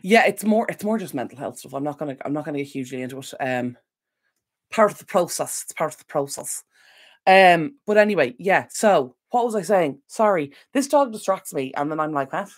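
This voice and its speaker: A woman's voice: sits low, lively intonation, brisk. Rambling woman hosting a livestream. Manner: rambling, apologetic, easily sidetracked. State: recovering from illness. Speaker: decluttering channel host. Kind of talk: casual livestream Q&A chat. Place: home room at a computer. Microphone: desk microphone.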